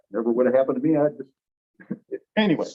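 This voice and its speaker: A middle-aged man teaching a language class in a chatty, animated way, often asking the class questions. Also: mid-range voice, unhurried, phone-quality sound. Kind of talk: classroom lecture.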